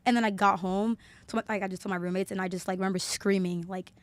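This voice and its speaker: A young woman talks fast in casual podcast chat. She tells her story with lots of "like" and acts out each quote. The sound is close and dry. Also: medium pitch, fairly even intonation, dry recording. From Alabama, USA. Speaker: podcast guest.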